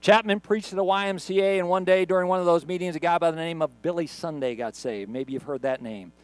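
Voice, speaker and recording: A man's voice: fairly high pitch, fast, dry recording. A middle-aged male pastor preaching a sermon for an online video, in a conversational storytelling manner. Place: church recorded on camera.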